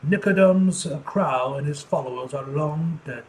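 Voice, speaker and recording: A man voicing a stern older British detective professor in a put-on British accent, talking in a measured, lecturing way. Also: on the high side, a little hiss or hum, lightly acted, rough recording.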